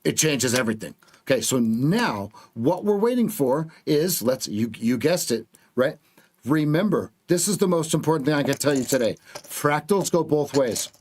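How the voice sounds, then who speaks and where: A man coaching viewers through live trading on a stream, excitable, repeating words and joking with the chat. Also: fairly high pitch, normal speed.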